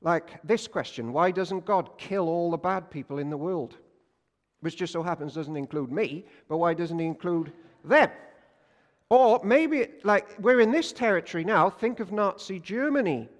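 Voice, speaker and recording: A man preaches a sermon in a high voice, animated and joking as he keeps asking his listeners questions. His words ring out with the long reverb of a church hall. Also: normal speed. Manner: animated, jokey, asks the congregation questions. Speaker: pastor.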